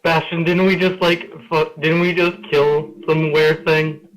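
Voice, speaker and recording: A man's voice: fairly high pitch, little pitch movement, unhurried, rough recording. Blunt, swearing man at a game table. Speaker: player. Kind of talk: casual tabletop play.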